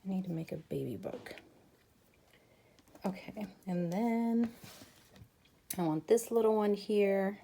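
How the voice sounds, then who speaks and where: While working on a craft tutorial, a woman who hosts a crafting channel talks casually with her viewers. She speaks slowly with long pauses, in a medium-pitched, creaky voice with a dark tone.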